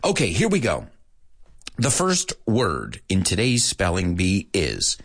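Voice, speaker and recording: A man hosting a live-streamed English lesson, playful and animated, dropping into Spanish asides now and then. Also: fairly low pitch, a little slow. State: out of breath at times.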